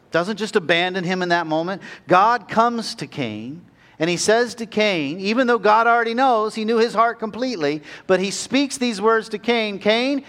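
Male pastor, sermon, earnest and pleading, a touch high-pitched. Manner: earnest, rising to pleading peaks then dropping soft and slow.

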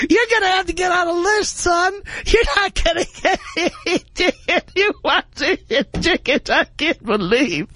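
A man putting on the voice of a scornful older woman ticket clerk, mocking and laughing as she shouts. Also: very high voice, animated, a little slow, a little hiss or hum, pitched above the performer's own voice, heavily acted. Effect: telephone filter. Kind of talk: radio bit impression.

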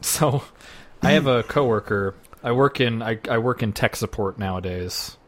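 A man's voice: mid-range voice, normal speed. A young man co-hosting a podcast in casual chat who laughs often and jumps into silly voices. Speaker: podcast co-host.

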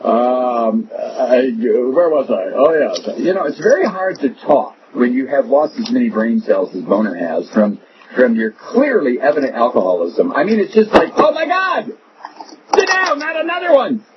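A man's voice: mid-range voice, sing-song, normal speed. A male radio host delivering a mocking, sarcastic, digressive monologue. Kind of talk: opinionated talk radio monologue. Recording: muffled radio broadcast with noise.

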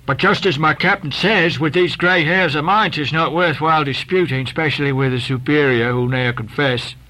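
Brief: man playing a wary old sailor, deferential, bright raised voice. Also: a little high, normal speed, poor audio. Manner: deferential, says sir often. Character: old grey-haired male sailor, humble and wary.

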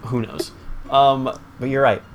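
A man co-hosting a casual podcast, recapping a sitcom episode with profanity and quick quoted bits. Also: mid-range voice, dull audio, slight background noise. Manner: profane, animated, quotes characters in bursts. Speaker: podcast co-host.

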